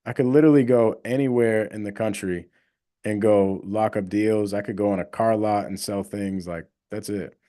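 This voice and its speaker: A man's voice: lowish voice, fairly even intonation, moderate pace, mellow. A young man hosting a casual livestream, talking emphatically and rambling with lots of fillers. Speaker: livestream host, real estate wholesaler.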